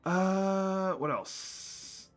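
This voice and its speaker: Slow halting guy running a tabletop game, explaining lore, lots of uh's. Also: sits high, soft background music. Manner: halting, with many fillers and restarts. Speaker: game master. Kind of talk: explaining campaign lore on a stream.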